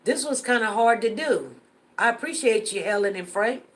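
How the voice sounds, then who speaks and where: A woman with a high-pitched voice hosts a casual live stream. She talks earnestly to her viewers and often repeats lines to drive a point home. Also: lively intonation, normal speed. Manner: earnest, repeats herself for emphasis.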